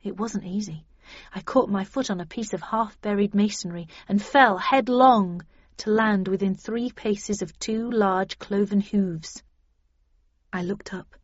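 A woman giving a steady scripted audiobook narration in the first person. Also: medium pitch, a little slow, no echo. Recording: dull lo-fi dry recording.

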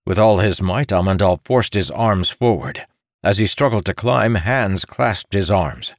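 A man narrating a fantasy audiobook in a steady, measured reading. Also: deep voice, no room sound, studio quality.

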